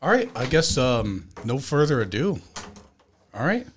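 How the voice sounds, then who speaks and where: Host type: man, mid-pitched, loose and profane, chatting casually while eating. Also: very animated, a little slow, slight background noise. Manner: joking, profane, eats while talking. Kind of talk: casual livestream chat.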